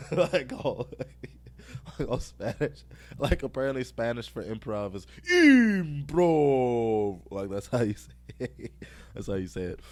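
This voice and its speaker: A man's voice: medium pitch, unhurried, darkish tone, no room sound. A young man hosting a podcast, telling a rambling, profane story and laughing at his own jokes. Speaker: podcast host.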